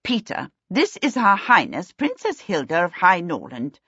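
A woman voicing a firm, composed witch and mother who speaks in a measured, formal way. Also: lowish voice, huge pitch swings, sharp tone, breathy edge, dry recording, lo-fi sound, heavily acted.

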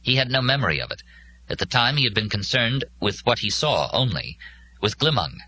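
A man reading scripted narration for an audiobook in a measured, solemn way. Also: mid-range voice, big pitch swings, sharp tone, slight background noise.

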